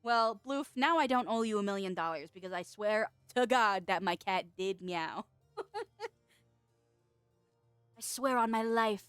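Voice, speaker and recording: A young adult woman streamer chatting casually and excitedly with her viewers, laughing often. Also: mid-range voice, measured pace, pauses often, clear, resonant tone, no room sound, faint music behind. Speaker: streamer and VTuber. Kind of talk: casual livestream chat.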